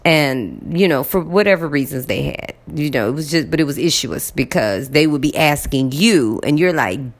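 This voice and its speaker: Low gravelly woman telling a story. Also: normal speed, few pauses. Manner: animated, repeats words for emphasis; addresses viewers directly. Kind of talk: casual storytime monologue.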